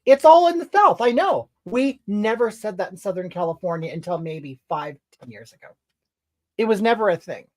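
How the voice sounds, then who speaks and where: In this comedic livestream bit, a woman portrays a brash, easily offended middle-aged streamer reading viewers' comments and replying with sassy, meandering answers peppered with "okay?" and "honey." Her voice sits at medium pitch, a little mellow and lightly acted, with lively intonation at a normal speed.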